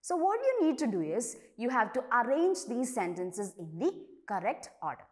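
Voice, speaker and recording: A young adult woman teaching an online class to young children, explaining slowly and patiently by asking and answering simple questions. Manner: reads dialogue lines aloud with lively pitch jumps.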